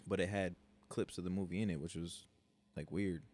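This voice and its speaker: A man's voice: sits low, fairly even intonation, a little fast, darkish tone. A man co-hosting a casual podcast, a DJ talking loosely and with profanity, often acting out the voices of people he meets. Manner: loose, profane, acts out voices of club patrons. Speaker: podcast co-host and DJ.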